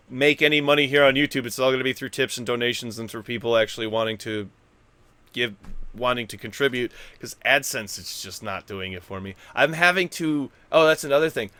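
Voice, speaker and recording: A man hosting a gaming news channel on YouTube, chatting casually and rambling. He talks loudly and goofily, swinging between quiet and loud. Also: medium pitch, no room sound. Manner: goofy, self-deprecating. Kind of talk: casual rambling commentary to camera.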